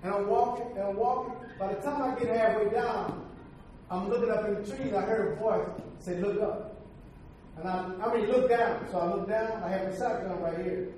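High-voiced man preaching in an echoey hall. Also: steady tone, brisk, darkish tone. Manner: emphatic, folksy storytelling with preaching asides. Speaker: preacher giving a testimony. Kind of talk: storytelling sermon testimony. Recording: very echoey hall, from far off, faint noise.

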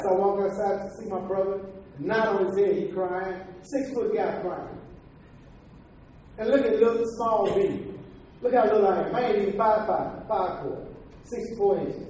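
In an unhurried, somewhat mellow voice that sits high, a man shares his life story as sermon testimony, folksy and emphatic with asides of preaching. The sound is distant, with heavy hall echo and a bit of faint noise.

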